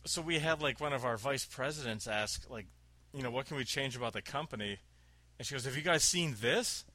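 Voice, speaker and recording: A man's voice: mid-range voice, fairly quick, sharp tone, no echo. A man chatting casually on a podcast, telling a long story with laughs and acted-out quotes. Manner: rambling, laughing, acts out quotes.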